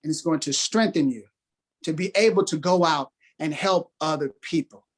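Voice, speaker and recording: A man's voice: a little high, moderate pace, breathy edge. A man who is a guest on a podcast, giving a motivational talk with emphatic, preacher-like delivery and repeated phrases.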